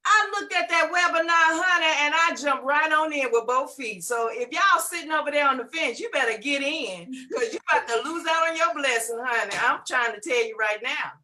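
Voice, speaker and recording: A woman's voice: high voice, a little fast, hardly any pauses, sharp tone. A woman in her fifties giving an exuberant, exclaiming testimonial as a guest on a webinar, with a preacherly way of talking. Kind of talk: enthusiastic testimonial.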